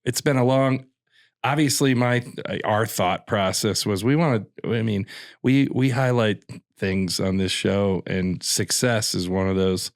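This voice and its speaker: A man's voice: fairly low pitch, measured pace, no room sound, clean studio sound. A man co-hosting a podcast, talking in a loose, rambling way and swearing casually. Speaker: podcast co-host. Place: podcast studio.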